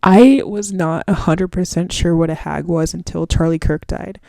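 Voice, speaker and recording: Gravelly young woman podcasting. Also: on the low side, fairly even intonation, moderate pace, dark tone, no echo. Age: 20s. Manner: rambling, slangy, swears freely. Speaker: podcast host. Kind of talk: casual solo podcast chat.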